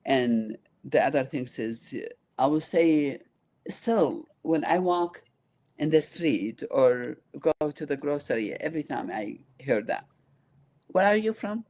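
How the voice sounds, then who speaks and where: Iraqi-accented woman in her sixties, sincere interview guest, talks in halting bursts with restarts. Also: very deep voice, lively intonation, warm tone. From Iraq. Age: 60s. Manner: halting, earnest, restarts often. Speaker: guest, nonprofit founder. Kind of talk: interview conversation.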